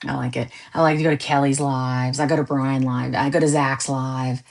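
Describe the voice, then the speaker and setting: A woman's voice: rumbling low, normal speed, gravelly. A woman podcast host chatting casually with viewers on a live stream, joking and laughing often. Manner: animated, laughs often, jokey asides.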